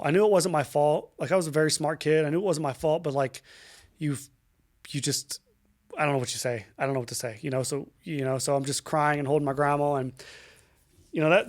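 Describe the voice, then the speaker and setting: With a voice that's a little high, a young adult man on a podcast recounts a painful personal story. His delivery is halting and emotional, full of fillers, restarts and swearing.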